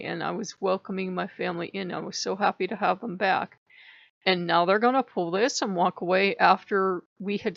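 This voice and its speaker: A woman talking to camera at home as a Wiccan vlogger, telling a story in a casual, animated way and laughing often. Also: mid-range voice, gravelly, no room sound. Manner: animated, laughs often, voices her own quoted outbursts. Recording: dull, dry lo-fi sound.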